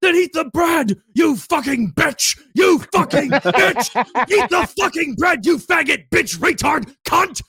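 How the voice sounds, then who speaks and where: A man's voice: on the high side, animated, moderate pace, slightly rough. A man putting on the voice of a furious young male contestant who screams and swears out of control. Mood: screaming.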